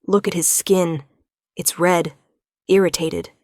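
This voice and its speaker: A woman's voice: lowish voice, steady tone, takes it slowly, a little mellow, dry recording, studio quality. A woman voicing a tense, commanding male investigator who barks urgent orders.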